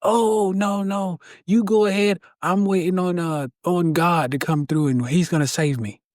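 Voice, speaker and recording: A man voicing a stubborn stranded man on a raft in a high, sing-song put-on voice while telling a story. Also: steady tone, measured pace, no echo, studio quality. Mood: stubbornly cheerful.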